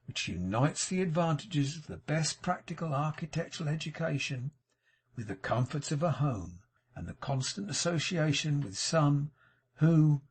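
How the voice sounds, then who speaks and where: Guy doing a self-pitying pious old-school gent, husky and oily, storybook reading. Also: a little high, darkish tone, voice pushed up. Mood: pompous. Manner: mournful, unctuous, confiding. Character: sanctimonious, self-pitying middle-aged male architect. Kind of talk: audiobook character reading.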